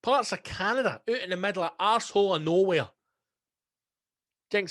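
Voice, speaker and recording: A Scottish man hosting a casual solo podcast, ranting with lots of swearing in an excitable monologue. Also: sits high, moderate pace, long pauses, dry recording, clean studio sound. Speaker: podcast host. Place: home recording space.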